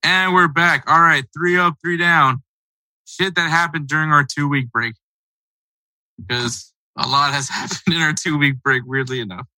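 A man's voice: on the high side, steady tone, moderate pace, pushed and bright, no room sound, poor audio. A man hosting a casual sports podcast, talking in a loose, rambling, conversational way. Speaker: podcast host.

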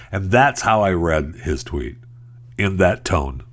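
A man hosts his podcast alone, talking casually about the day's stories. His voice sits very low and deep. He keeps slipping into mocking, sarcastic asides. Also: lively intonation, a little slow. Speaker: podcast host. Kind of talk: casual solo commentary.

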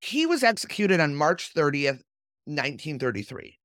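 A woman's voice: deep voice, very animated, moderate pace, a bit bright, no echo, studio quality. A woman hosting a podcast, reading sources aloud and chatting in a sardonic, storytelling way. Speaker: podcast host.

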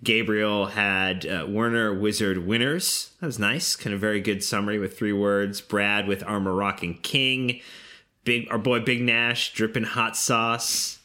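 Bright-voiced man reading out listener picks. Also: fairly low pitch, steady tone, measured pace. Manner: reads out listener entries with upbeat asides. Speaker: podcast co-host. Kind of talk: casual chat.

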